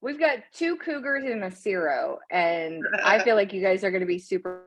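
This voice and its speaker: A woman's voice: medium pitch, animated, moderate pace, a bit bright, no echo, faint music behind. A woman in her thirties co-hosting a podcast, chatting casually and teasing her guests and co-host. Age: 30s. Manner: playful and teasing. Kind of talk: casual chat.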